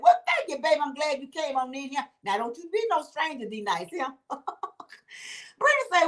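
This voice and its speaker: Lively woman chatting to viewers. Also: high voice, moderate pace. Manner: animated, laughing, exclamatory, talks back to viewers. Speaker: livestream host reading comments. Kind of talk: casual livestream chat.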